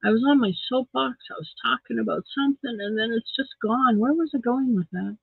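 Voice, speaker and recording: In tinny, phone-like dry audio with no echo, a tired woman hosts a casual livestream, yawning and rambling self-deprecatingly with viewers. Her voice is a little high, a little fast, gravelly and slightly rough.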